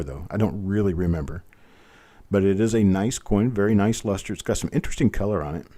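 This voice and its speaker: The host of a live online coin auction has a fairly low, mellow voice. He keeps repeating the bid calls and chats amiably with bidders along the way.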